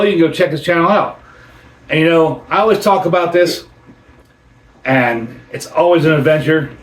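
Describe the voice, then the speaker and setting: A man's voice: sits high, distant mic. A man hosting a casual beer review chat, enthusiastic and often restarting his sentences. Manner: enthusiastic, repeats himself with restarts. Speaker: host of a beer review channel. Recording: roomy sound from away from the mic.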